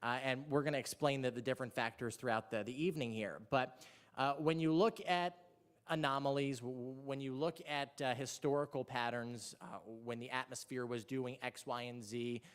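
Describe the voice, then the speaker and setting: A man, a meteorologist running the seminar, presenting to a room with an upbeat, halting delivery full of ums and restarts. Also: mid-range voice, fairly even intonation, smooth. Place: seminar room before an audience. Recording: reverberant hall.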